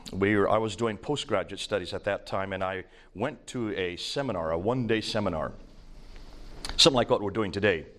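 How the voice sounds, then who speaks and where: Older American-accented man, low voice. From India. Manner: emphatic, conversational storytelling with fillers. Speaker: speaker at a seminar. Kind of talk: lecture to a live audience.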